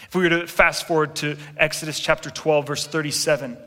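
A man in his thirties preaching a sermon with animated storytelling, acting out quotes and making asides to his congregation. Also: fairly high pitch, a little fast. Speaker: pastor. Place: large church hall. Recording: long reverb in a big hall.

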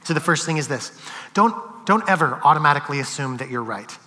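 A man preaching a sermon who tells stories, swinging from loud and animated to hushed and slow. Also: fairly high pitch, long reverb tail. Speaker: pastor. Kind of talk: sermon with storytelling.

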